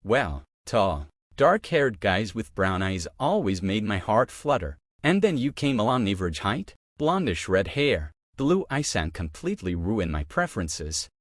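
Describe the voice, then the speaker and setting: A man's voice: lowish voice, sing-song, a little slow, hardly any pauses, no room sound, studio quality. A man voicing a playful young woman's ghost, teasing and chatty.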